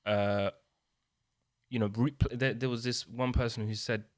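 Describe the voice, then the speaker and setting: A man's voice: medium pitch, fairly even intonation, unhurried, no room sound, clean studio sound. A man, co-hosting a podcast, talking through ideas in a reflective way with many restarts. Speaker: podcast co-host. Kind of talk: casual discussion.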